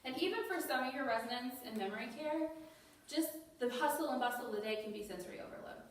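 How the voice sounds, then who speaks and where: A woman's voice: high-pitched, expressive, fast. A woman leading a dementia care staff training, talking conversationally and asking the room questions. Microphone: distant mic. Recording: very echoey room, distant mic.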